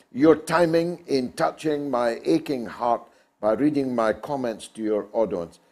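A man's voice: mid-range voice, darkish tone. A man hosting a talk show, delivering an emphatic, oratorical monologue.

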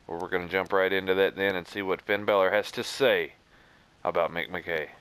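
Wry, rambling gaming commentator. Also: male voice, low voice, steady tone, fairly quick, a bit bright, slight background noise. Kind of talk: let's play commentary.

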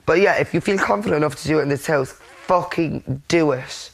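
A man's voice: fairly high pitch, brisk, vocal fry. A man on a reality show giving blunt, sweary reassurance in a casual heart-to-heart chat.

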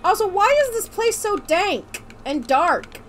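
A woman's voice: extremely high pitch, sing-song, unhurried, a little hiss or hum. A woman streamer chatting while gaming, joking in mock pirate speech with a lot of swearing. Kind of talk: casual gaming chat.

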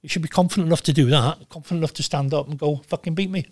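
A man's voice: fairly high pitch, racing, dry recording, clean studio sound. Blunt, swearing older man. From Wales. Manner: blunt, profane, animated storytelling. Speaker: guest, former goalkeeper. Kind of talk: casual interview chat.

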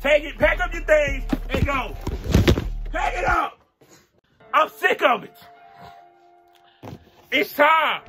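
A man's voice: extremely high pitch, lively intonation, takes it slowly, long pauses, pushed and bright, soft background music. A man hosting a casual sports reaction video, ranting in exasperation and repeating the same phrases over and over.

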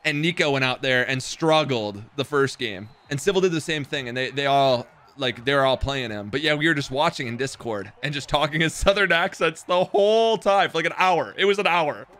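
Streaming a football game live, a young man keeps up excitable, profane chatter with his audience, punctuated by abrupt loud outbursts. His voice is on the high side and brisk.

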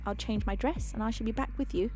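A woman's voice: fairly high pitch, quick pace, a little mellow. A woman hosting a live music stream, chatting casually and effusively thanking her viewers. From United Kingdom. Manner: effusive, affectionate.

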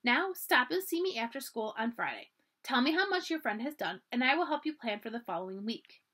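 A woman reading aloud as a kind, thoughtful schoolteacher who speaks in a gentle, encouraging way. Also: on the high side, very animated, brisk, exaggerated voice.

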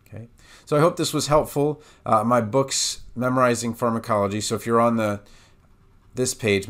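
Lowish-voiced man teaching with patient syllables. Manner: patient, breaks words into syllables slowly; frequent "okay?" and "uh" fillers. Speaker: pharmacist teaching drug pronunciation. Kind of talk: tutorial explanation.

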